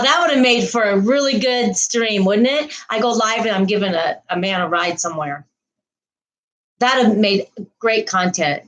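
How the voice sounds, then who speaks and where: A woman's voice: mid-range voice, fairly bright tone, poor audio. A woman hosting a casual livestream, rambling through a story and greeting viewers' comments. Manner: frequent laughs and restarts. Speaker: livestream host.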